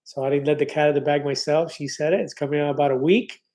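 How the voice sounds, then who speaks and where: A man's voice: a little high, fairly even intonation, quick pace, a little mellow. A man in his fifties hosting a casual live stream, reading viewer comments aloud in an upbeat, chatty way with many fillers and restarts. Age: 50s.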